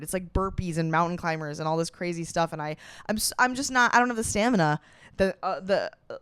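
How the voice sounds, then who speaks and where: A young woman spins a self-mocking comic story for her podcast, brash and quick to swear. Her voice is smooth and clear, recorded close and dry with no room around it. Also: no echo. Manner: animated, jumps up in pitch for quoted voices. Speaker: podcast host.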